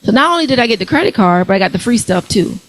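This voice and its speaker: A young adult woman, giving an animated motivational money talk to a live audience, calling out questions to the crowd. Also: a little high, racing, rough recording. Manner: animated, preachy, calls out to the crowd. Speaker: workshop speaker.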